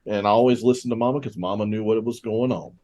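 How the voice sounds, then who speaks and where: A man's voice: fairly low pitch, fairly even intonation, quick pace, darkish tone, lightly acted. A man voicing a friendly thirty-something country man, a healer's son, rambling in a folksy way. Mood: earnest.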